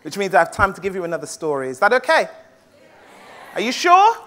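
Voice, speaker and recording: A woman's voice: on the low side, animated, racing, a bit bright, a little hiss or hum. A woman storyteller telling a tale live to an audience in a playful, rhythmic, call-and-response manner.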